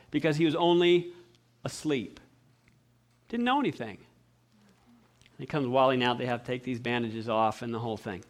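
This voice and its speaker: A man preaching a sermon, animated and acting out the voices of the people he quotes. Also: on the high side, fast. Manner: clears throat often.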